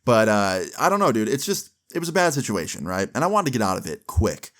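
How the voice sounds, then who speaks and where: A young man tells a story in a loose, rambling way, full of fillers. His voice sits on the low side. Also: sing-song, quick pace, a bit bright. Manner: rambling, lots of "like" and "dude". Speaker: vlogger. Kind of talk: casual storytelling.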